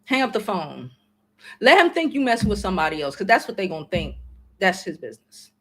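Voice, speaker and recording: A woman's voice: mid-range voice, big pitch swings, fairly quick. Blunt, slangy woman in her forties. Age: 40s. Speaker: livestream host. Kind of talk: casual advice chat with viewers.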